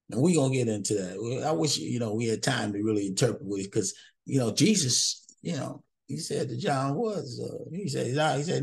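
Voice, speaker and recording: A man's voice: mid-range voice, expressive, a little fast, creaky, darkish tone, breathy edge. A man teaching through scripture verse by verse in a casual, conversational way, often stopping to ask "okay?" and repeating words as he goes. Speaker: Bible teacher.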